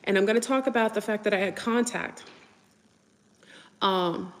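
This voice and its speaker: A woman's voice: mid-range voice, normal speed. A woman talking casually and rambling, with many fillers and restarts. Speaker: podcast guest. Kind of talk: casual conspiracy talk. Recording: long reverberant echo.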